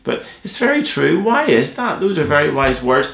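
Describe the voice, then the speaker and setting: A man's voice: on the high side, big pitch swings, moderate pace, gravelly, fairly bright tone, roomy sound. A man teaching a cello piece in a playful, joking, encouraging way. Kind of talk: music tutorial.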